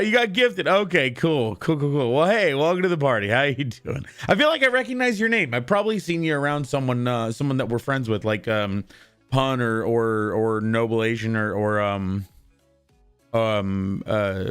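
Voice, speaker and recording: A young man streams live with a mid-range, slightly bright voice that's clear and resonant, even as he's losing it. Upbeat and rambling, he chats casually and greets viewers one by one.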